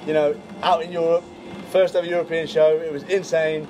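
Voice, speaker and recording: Man, band member, relaxed casual chat, slightly high voice, noisy alley. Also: fairly quick. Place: outdoor alley outside a venue. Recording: noisy outdoor street recording.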